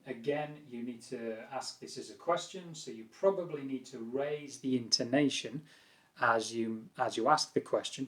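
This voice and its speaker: A British man teaching an English lesson, calm and patient, explaining phrases and acting out examples. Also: medium pitch. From Britain.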